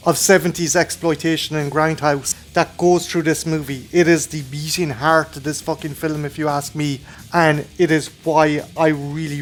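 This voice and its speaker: A man's voice: a little high, slight background noise. Sweary Irish man reviewing films. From Ireland. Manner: enthusiastic, heavy casual swearing. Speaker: film review host. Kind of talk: casual film review monologue.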